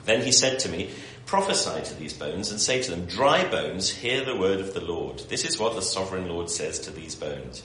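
Deep-voiced man teaching the Bible. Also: sing-song, moderate pace, few pauses, bright, forceful tone. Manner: self-deprecating, laughs while talking. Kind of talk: informal Bible teaching and scripture reading. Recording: echoey room with background noise.

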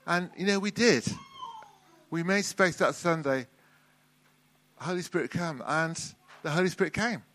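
A man preaching in an easy, conversational manner, stumbling and circling back over his words as he goes. His voice sits a little higher than most men's. He sounds middle-aged. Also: normal speed, sharp tone, a little hiss or hum. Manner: conversational, frequent restarts and repeated words. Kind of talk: sermon.

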